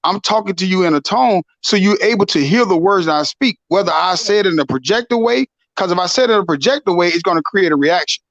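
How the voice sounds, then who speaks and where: A man in a casual podcast conversation, calmly explaining and affirming others. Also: high voice, fast talker, few pauses, dry recording, dull audio. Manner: calm, explanatory, affirming with "right" and "real".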